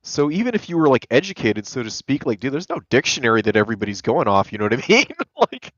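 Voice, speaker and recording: A man's voice: mid-range voice, sing-song, fast, a bit bright, no room sound. A man who is a lawyer, chatting casually as a guest, telling rambling stories, swearing freely and laughing often. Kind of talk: casual chat. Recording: dull lo-fi dry voice line.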